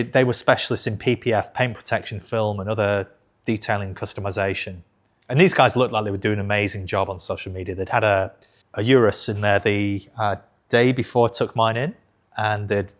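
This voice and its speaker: Frank man in his thirties. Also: fairly low pitch. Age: 30s. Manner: frank, conversational, swears casually, self-corrects. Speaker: investing channel host. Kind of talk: candid storytelling to camera.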